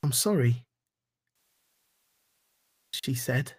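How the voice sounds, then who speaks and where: A man's voice: mid-range voice, expressive, husky. Earnest man performing spoken word. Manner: earnest, rhythmic, deliberate pauses. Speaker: guest speaker. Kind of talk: reflective talk and spoken-word poetry.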